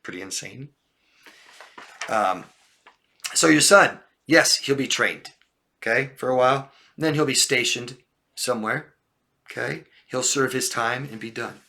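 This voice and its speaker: A man with a bright, forceful voice gives blunt advice on a livestream. He talks straight to his viewers, hammers home his points and keeps asking "okay?" to check they follow. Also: medium pitch, a little slow, vocal fry, pauses often. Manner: direct, repetitive, checks in with "okay?". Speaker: life coach. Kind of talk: livestream advice talk answering viewer questions.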